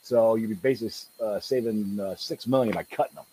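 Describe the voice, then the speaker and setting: A man hosting a casual live-streamed sports podcast, laughing often and getting loud when excited. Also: lowish voice, fast, noisy background. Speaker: podcast host. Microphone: home desk mic.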